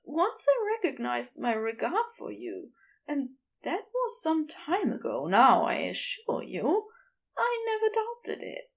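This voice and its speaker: Woman doing a soft flustered male angel, breathy, earnest, high, swooping, slow, storybook reading. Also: huge pitch swings, full character voice. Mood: tender, earnest.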